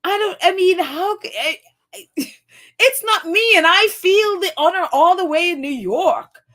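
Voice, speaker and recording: Her voice is very high-pitched, expressive, bright and forceful, moving at a measured pace. She's a New York live streamer reading her chat aloud, gushing and laughing as she nearly cries.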